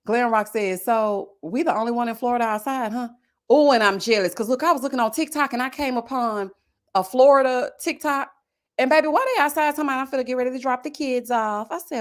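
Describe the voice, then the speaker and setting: A woman's voice: on the high side, fast talker. A woman in her thirties with a Southern US accent, hosting a casual livestream, chatting and reading viewer comments. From American South. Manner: chatty and animated, slangy, talks straight to viewers. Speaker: live-stream host. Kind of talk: casual live-stream chat reading comments.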